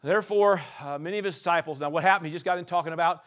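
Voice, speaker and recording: A man preaching a sermon in an animated, playful way, swinging from soft asides to shouting. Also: fairly high pitch, rapid-fire. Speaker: pastor.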